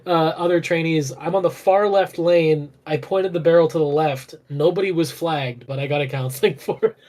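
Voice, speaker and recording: A man's voice: fairly high pitch, normal speed, darkish tone. Male soldier, casual chat, crude and laughing delivery.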